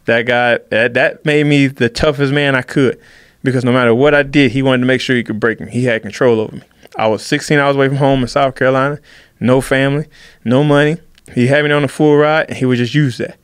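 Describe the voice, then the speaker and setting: A man telling a story from his life in a casual chat, quickly and with animation, and voicing the people he quotes. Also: mid-range voice, clear, resonant tone, dry recording, studio quality. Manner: fast, animated storytelling, acts out quotes of others. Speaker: podcast guest, fighter.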